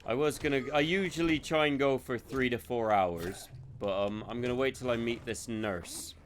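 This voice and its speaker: A man's voice: medium pitch, moderate pace, a little hiss or hum. A man streaming a video game, rambling, joking and swearing freely as he plays. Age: adult. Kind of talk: live gameplay commentary.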